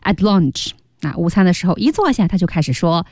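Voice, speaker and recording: Female radio teacher, animated lower voice, prompting listeners. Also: fairly quick, no room sound, studio quality. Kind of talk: explaining a story in a radio lesson. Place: radio studio.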